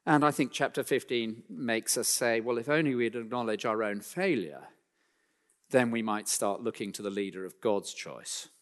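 A man's voice: medium pitch, a bit bright. Man preaching a sermon in a reverberant hall. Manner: emphatic, slows down to read scripture aloud. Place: church.

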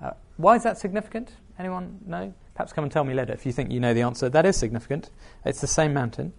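A man's voice: on the high side, quick pace, gravelly, a little mellow. A man preaching a sermon, reading scripture aloud and asking the listeners questions.

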